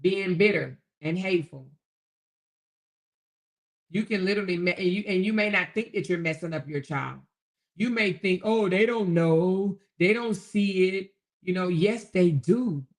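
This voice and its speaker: Gravelly-voiced woman hosting a folksy livestream. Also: on the low side, moderate pace, long pauses. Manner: folksy, calls listeners baby and honey, chuckles often. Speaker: livestream host. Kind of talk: casual livestream chat reading viewer comments.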